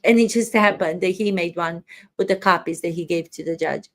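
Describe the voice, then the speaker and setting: A woman's voice: fairly low pitch, a little fast. A woman acting coach commenting on trial footage, emphatic and full of rhetorical questions.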